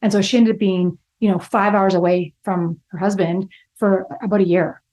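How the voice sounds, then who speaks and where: A woman's voice: medium pitch, fairly even intonation, moderate pace, mellow. A woman co-hosting a podcast as a relationship psychologist, telling client stories in a rush with many restarts. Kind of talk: casual podcast conversation.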